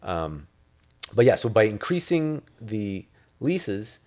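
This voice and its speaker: A man's voice: lowish voice, sing-song, takes it slowly, darkish tone. A man from Italy, an interview guest talking about real estate in a loose, rambling way, full of filler words. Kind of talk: casual interview talk.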